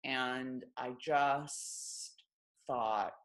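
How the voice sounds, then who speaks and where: A woman's voice: fairly low pitch, lively intonation, moderate pace, a bit bright. Blunt, profane woman telling stories. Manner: blunt, profane, self-mocking, acts out others' lines. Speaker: author and guest. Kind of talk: candid interview chat.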